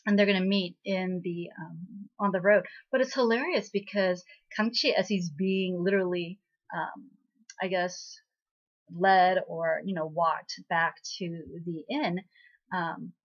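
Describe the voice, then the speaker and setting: A woman's voice: lowish voice, fairly even intonation, unhurried. A woman hosting a casual spoken recap of a drama episode, chatty and full of fillers and asides. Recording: slightly muffled lo-fi recording.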